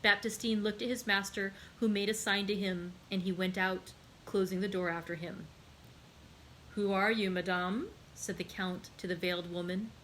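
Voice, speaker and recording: A woman hosting a library read-aloud, narrating a classic novel in a steady, unhurried way. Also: mid-range voice, slight background noise, low-quality recording.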